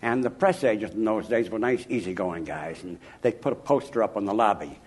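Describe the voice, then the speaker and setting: An older man from Chicago, an author interviewed about his life, telling anecdotes in an emphatic, animated way. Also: fairly low pitch, brisk, husky. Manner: animated, emphatic, chuckling raconteur. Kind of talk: anecdotal storytelling.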